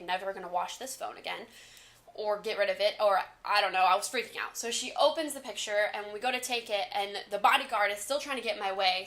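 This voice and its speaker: A woman in her twenties telling a storytime vlog, talking fast in an excited, gushing way. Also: mid-range voice. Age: 20s. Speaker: vlogger.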